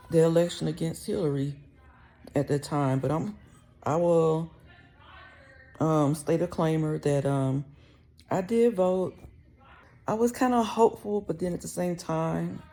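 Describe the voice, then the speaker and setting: A woman vlogger with a low, dark-toned voice talks casually to the camera from home. She rambles conversationally and uses slang.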